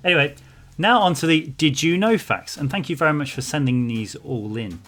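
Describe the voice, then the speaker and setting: A man's voice: fairly high pitch, fairly quick, a bit bright. Guy reading listener messages on a podcast, chatty and upbeat. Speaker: podcast co-host. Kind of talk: casual podcast chat.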